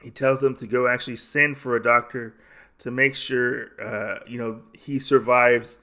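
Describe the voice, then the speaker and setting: A man hosting a podcast, casually retelling a comic story in a rambling, animated way. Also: mid-range voice, measured pace. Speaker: podcast host.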